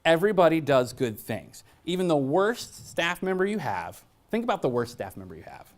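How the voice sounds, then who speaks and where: Man, workshop presenter, blunt and joking, animated pitch, storytelling, quizzes the audience. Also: normal speed. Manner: asks the audience frequent questions. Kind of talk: training talk to staff.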